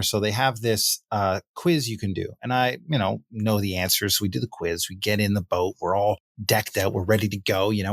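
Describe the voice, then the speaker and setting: A man's voice: on the low side, no echo. Man telling a story on a dry podcast mic. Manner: relaxed, anecdotal, filler-heavy. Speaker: podcast host. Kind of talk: casual conversational storytelling.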